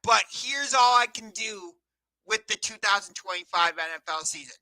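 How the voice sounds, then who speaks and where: A man from the Cleveland area hosting a live sports talk show, chatty and energetic, sometimes correcting himself mid-sentence. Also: high-pitched, normal speed, no echo, rough recording. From Cleveland area, USA.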